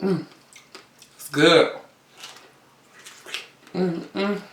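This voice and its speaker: A woman vlogger chatting casually to camera between bites, often pausing on long hums. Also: on the low side, slight background noise. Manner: chatty, talks between bites with drawn-out mms. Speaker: mukbang vlogger. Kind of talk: casual eating chat to camera. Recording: roomy sound from a distance.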